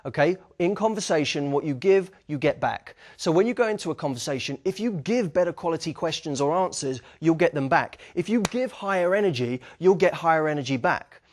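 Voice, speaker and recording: A young man gives a lively dating lesson, his voice sitting a little high for a man. He keeps checking in with "okay?" and acts out short bits of sample conversation as he goes. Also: fairly quick, few pauses. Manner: energetic, acts out sample dialogue, frequent "okay?" check-ins. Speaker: dating coach. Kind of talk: instructional talk to camera.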